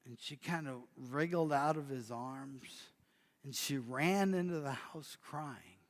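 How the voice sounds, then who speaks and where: A man preaching and telling a story, swinging from loud bursts to near whispers. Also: medium pitch, takes it slowly. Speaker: pastor. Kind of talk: sermon storytelling. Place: church sanctuary. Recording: long church hall reverb.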